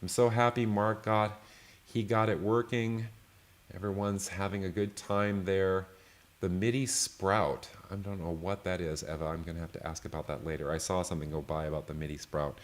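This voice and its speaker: Chatty man teaching a software session. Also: low-pitched, flat delivery, normal speed. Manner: chatty, checks in with frequent "right?"; loose, full of fillers and restarts. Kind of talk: live online tutorial demo.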